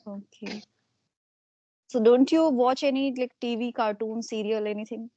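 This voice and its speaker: Brief: middle-aged woman interviewer, a bit high, dry close sound, soft "okay"s. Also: steady tone, normal speed, no echo. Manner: soft repeated acknowledgements. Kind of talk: casual interview.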